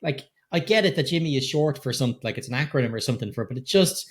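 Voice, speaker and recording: A middle-aged podcast co-host in casual film talk, exasperated and swearing as he goes. His pitch jumps around a lot. His voice sits in a middle register. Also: fast talker. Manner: animated and exasperated, swears freely. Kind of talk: casual film review chat.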